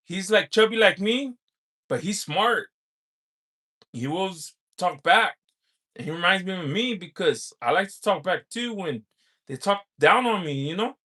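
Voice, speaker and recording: A man hosting a livestream, chatting casually and reading out viewer comments, halting with many pauses and filler sounds. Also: high voice, sharp tone. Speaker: livestream host.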